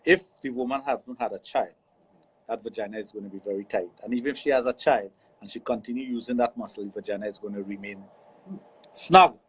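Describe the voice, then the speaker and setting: Husky Trinidadian man hosting radio. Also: lowish voice, fairly quick, poor audio. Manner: frank, explanatory, laughs easily. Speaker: radio show host, sexologist. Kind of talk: casual radio talk. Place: radio studio.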